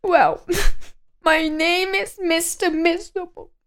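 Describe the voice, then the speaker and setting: A woman voicing a sad, squeaky little storybook man who sniffles and wails. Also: fairly even intonation, slow pace, fairly bright tone, exaggerated voice. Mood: whiny. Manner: sniffling, teary and wailing.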